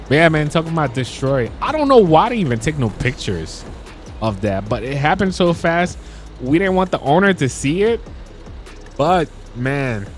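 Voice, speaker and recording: A young man telling stories in a casual, slangy way while commenting on his gameplay, getting excited as he talks. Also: fairly high pitch. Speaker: gaming YouTuber.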